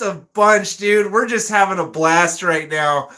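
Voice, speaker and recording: A man hosts a relaxed live stream, reading out viewer comments and breaking into frequent laughter. His voice sits high and sounds bright, and he talks at an easy, unhurried pace. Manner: laughs often, reads comments aloud. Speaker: livestream host reading chat. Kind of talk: casual live-stream chat.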